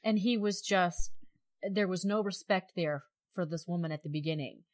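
A middle-aged woman chatting casually about a film, retelling scenes with lively quoted voices. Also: on the low side, normal speed. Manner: animated storytelling, acting out quoted voices. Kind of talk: casual chat reviewing a film.

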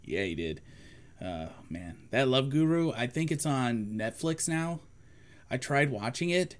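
A man's voice: medium pitch, lively intonation, measured pace. A man in his forties co-hosting a casual chat, rambling through a story with plenty of fillers and restarts. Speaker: podcast co-host.

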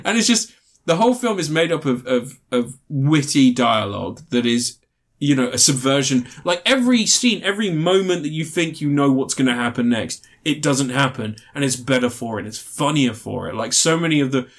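A man's voice: mid-range voice, lively intonation, moderate pace. A man hosting a casual film review podcast, retelling scenes animatedly with frequent laughter. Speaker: podcast host.

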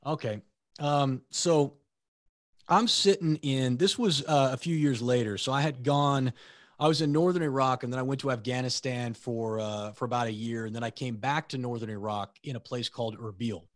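A middle-aged man, a military veteran guest on a podcast, telling war stories casually, swearing freely and jumping high when he imitates comrades. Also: moderate pace, no echo, studio quality. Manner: animated storyteller, swears freely, voices comrades in a high excited pitch. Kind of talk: casual storytelling.

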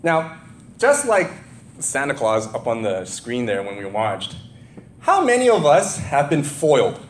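A middle-aged pastor with a medium-pitched voice reads scripture aloud during a sermon, then slides into personal stories told loosely and conversationally, with animated delivery, frequent chuckles, and casual asides. He speaks a little slowly, and there's a slight hiss or hum.

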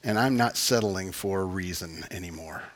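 A man's voice: sits low, moderate pace. A man, a pastor, preaching earnestly and closing in a heartfelt prayer. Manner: earnest, impassioned preaching with soft laughs.

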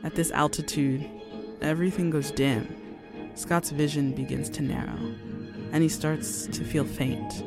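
A man's voice: on the high side, steady tone, measured pace, vocal fry. Man narrating a radio story over music. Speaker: host and narrator. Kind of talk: scripted narration.

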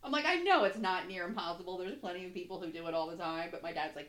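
A woman's voice: fairly low pitch, quick pace, a bit bright, slight background noise. A young adult woman chatting casually as a podcast co-host, laughing often and telling stories animatedly. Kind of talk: casual chat. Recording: echoey room.

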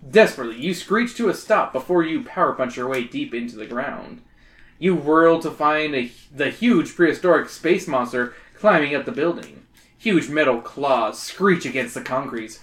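A man's voice: medium pitch, roomy sound. A man hosting a podcast, reading a gamebook aloud with joking, crude asides. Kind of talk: comedic read-aloud with banter.

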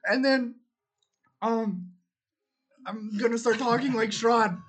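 Chatty, laughing tabletop player; mid-pitched, casual. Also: slow. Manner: giggly, narrates actions and asks rules questions.

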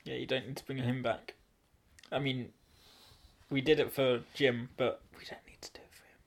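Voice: medium pitch, flat delivery, moderate pace. A podcast co-host in casual comedic chat, bantering playfully and laughing along.

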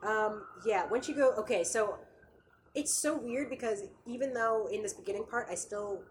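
A woman co-hosting a casual book discussion, chatty and animated, with plenty of filler words. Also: medium pitch, normal speed, a little hiss or hum. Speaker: podcast co-host.

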